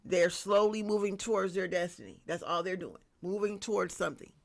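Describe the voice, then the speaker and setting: A woman giving a casual spiritual tarot reading, lively and slangy, talking straight to her viewers. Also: on the low side, a little fast, gravelly. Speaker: tarot reader.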